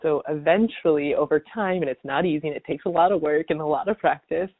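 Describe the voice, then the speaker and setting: Calm affirming woman host on a tinny line. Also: low-pitched, fast, no room sound. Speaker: podcast host. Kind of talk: casual chat.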